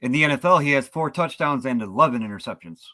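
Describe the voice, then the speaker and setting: A man's voice: mid-range voice, expressive, fast talker, sharp tone. A man co-hosting casual sports talk, incredulous and argumentative.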